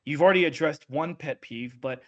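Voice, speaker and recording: A podcast host, chatty and rambling, laughing easily with his guest. His voice sits a bit higher than most men's. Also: brisk, fairly bright tone, lo-fi sound. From Southern United States. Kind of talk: casual interview chat.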